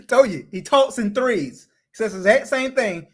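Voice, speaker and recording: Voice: mid-range voice, animated, normal speed. A commentator reacting to a video, blunt, profane and scornful.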